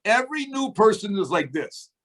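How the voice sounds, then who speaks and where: A man's voice: high-pitched, big pitch swings, moderate pace, a bit bright. A man coaching his team on a video call in an emphatic motivational style, asking rhetorical questions and acting out phone calls. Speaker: business trainer on a team call.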